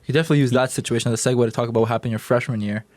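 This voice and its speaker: A man's voice: medium pitch, steady tone, racing, darkish tone. A man hosting a podcast, asking a guest loose, casual questions with fillers. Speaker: podcast host.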